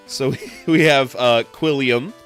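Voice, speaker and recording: A man from New England chatting casually while hosting a live game stream, laid-back and quick to chuckle. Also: on the high side. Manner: laid-back, chuckles often, hesitant fillers. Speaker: streamer host playing a game.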